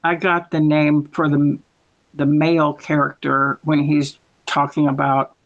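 A man's voice: on the high side, level tone, unhurried, creaky, a bit bright, lo-fi sound. An American man chatting casually, telling rambling stories and correcting himself as he goes. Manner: rambling, storytelling, with self-corrections. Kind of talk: casual chat.

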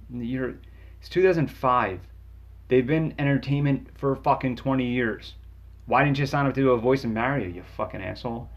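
A man ranting about a video game in an angry, sarcastic, profane comedic way, jumping in pitch for emphasis. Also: brisk. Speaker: game reviewer. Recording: dull lo-fi sound.

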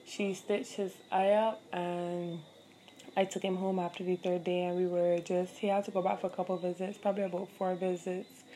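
A woman's voice: fairly low pitch, flat delivery, moderate pace, mellow, a little hiss or hum. Profane, chatty young woman podcaster. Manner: candid, profane, chatty with many fillers. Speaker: podcast host. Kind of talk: casual solo podcast storytelling.

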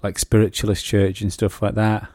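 A man chatting on a podcast, rambling through sweary stories. His voice is dark and mellow, and it sounds dry and close. He often pitches up into mocking voices when he quotes people. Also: monotone, normal speed, dry recording. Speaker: podcast co-host. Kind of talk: casual comedic chat.

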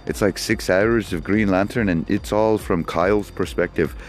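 A man's voice: low voice, moderate pace, faint music behind. A man hosting a solo podcast, talking in a loopy, wandering, jokey way. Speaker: podcast host. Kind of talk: rambling solo podcast chat.

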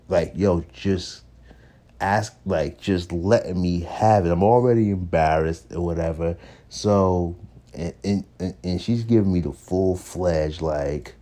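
A man in his thirties telling a dating anecdote in a casual, animated way, laughing now and then and acting out what others said in changing voices. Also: sits low, takes it slowly. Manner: animated, acts out others' lines in shifting voices; laughs between lines. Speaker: storyteller.

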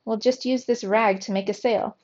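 A woman's voice: on the high side, fairly even intonation, normal speed, darkish tone, close to an everyday voice. A woman voicing a boastful, cheeky grown male mouse who talks in a smug, teasing way, on a dull lo-fi recording.

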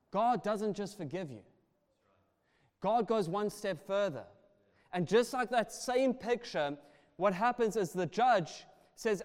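A high-pitched man delivers a passionate sermon. His volume swells and falls as he drives each point home. The sound carries the long reverb of a big hall. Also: animated, a little slow. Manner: passionate, rising and falling in volume. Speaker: preacher.

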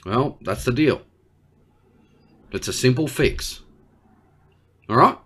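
Brash Australian man, lively pitch. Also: slow pace, breathy edge. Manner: brash, blunt, slangy, talks to an unheard partner. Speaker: comedy podcast host. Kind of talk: one-sided comedic conversation.

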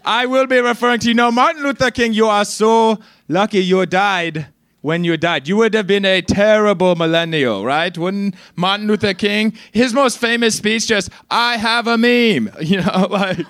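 Man doing Gandhi at a stage roast, high voice, bright tone, wobbly put-on accent, brash joker. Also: normal speed, no echo, studio quality. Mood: cocky. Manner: mangled put-on accent, brash jokes, giggles at own lines. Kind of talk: stand-up roast set. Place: comedy stage.

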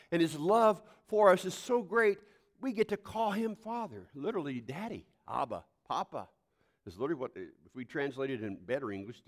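With a medium-pitched voice, an older man preaches as pastor, spinning homespun stories in a folksy, animated way. Every so often he bursts out loudly.

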